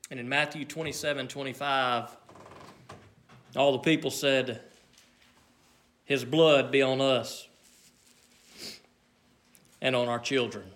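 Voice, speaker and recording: Slow, bright-voiced male preacher. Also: medium pitch, fairly even intonation. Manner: slow, earnest preaching that rises loud and drops to near hush. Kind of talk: sermon.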